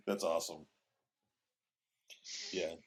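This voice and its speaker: Male podcast co-host, low-ish voice, casual and rambling, drops profanity. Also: steady tone, slow pace. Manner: rambling, with restarts and swearing. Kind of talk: casual conversational storytelling.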